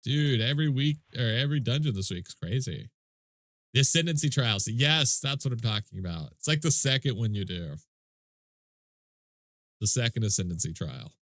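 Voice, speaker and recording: A man's voice: medium pitch, animated, moderate pace, a bit bright, no room sound, clean studio sound. A man with a stuffy nose, casually commentating his game stream and chatting with viewers in a laid-back, swearing way.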